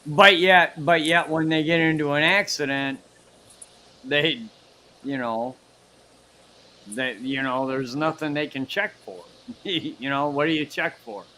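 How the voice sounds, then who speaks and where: Slow-talking opinionated man chatting. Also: fairly high pitch, sharp tone, slight background noise, poor audio. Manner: opinionated, stumbling restarts. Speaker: livestream participant. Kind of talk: casual livestream chat.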